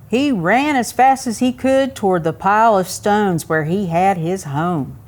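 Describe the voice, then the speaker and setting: Slow, expressive woman reading to kids. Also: mid-range voice. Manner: asks young listeners questions, expressive. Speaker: museum story time reader. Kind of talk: reading a picture book aloud to children.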